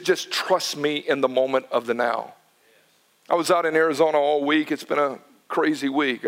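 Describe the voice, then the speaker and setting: A male pastor preaching a sermon, telling a story with animated delivery, often stumbling over repeated words and dropping soft for emphasis. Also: medium pitch.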